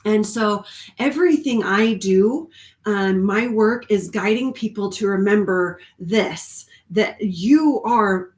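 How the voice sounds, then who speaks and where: A woman's voice: mid-range voice, takes it slowly. Earnest spiritual coach woman, echoey room. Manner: earnest, rambling, with frequent ums and laughs. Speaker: spiritual coach and card reader. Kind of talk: live-streamed spiritual talk.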